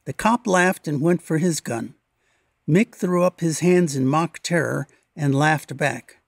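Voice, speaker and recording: A man giving scripted documentary narration in a measured, even, read-aloud delivery, recorded as a close voice-over. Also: a little high, gravelly, no echo. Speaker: local history narrator.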